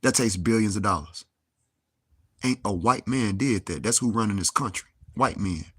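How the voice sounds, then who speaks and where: A man's voice: fairly low pitch, moderate pace, a bit bright, husky, no room sound. A young man, ranting angrily to camera with heavy cursing and rhetorical questions. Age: young adult. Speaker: vlogger. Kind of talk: angry monologue to camera.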